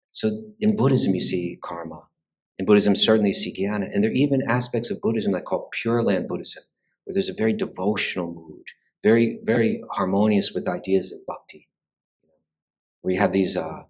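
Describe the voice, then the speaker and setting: A man's voice: lowish voice, a little fast, poor audio. A man giving a conversational lecture on the history of spirituality, talking thoughtfully with frequent restarts and repeated words. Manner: conversational, frequent "you know" and "right". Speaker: spiritual teacher.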